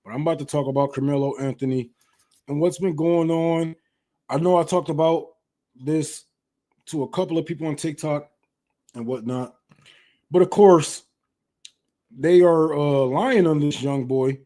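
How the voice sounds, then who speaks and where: This livestream host, a young Detroit man, has a mellow voice that's high for a man. He rants fast and loose with blunt, heated, profane language, the way friends talk casually.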